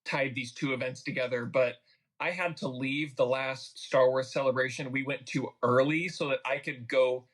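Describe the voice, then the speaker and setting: A man's voice: mid-range voice, fairly even intonation, moderate pace, fairly bright tone. A young man in a casual family chat, speaking hesitantly with wry humor and frequent restarts.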